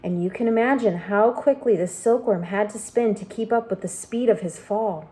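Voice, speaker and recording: A woman reading a children's book aloud, expressive and animated. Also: mid-range voice, moderate pace. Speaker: storyteller.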